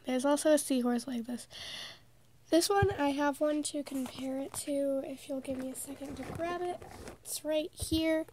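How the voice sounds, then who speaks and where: A woman's voice: high-pitched, a little mellow, dry recording. A teenage girl with a congested, sick voice, casually chatting through a toy unboxing vlog. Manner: chatty, giggly, amused. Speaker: vlogger.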